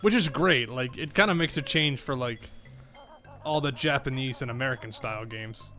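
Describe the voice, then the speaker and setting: A man's voice: mid-range voice, moderate pace, bright, forceful tone, faint music behind. A young man casually commenting on a video game he is playing, joking and swearing freely, and reading the characters' lines in silly voices. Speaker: game streamer.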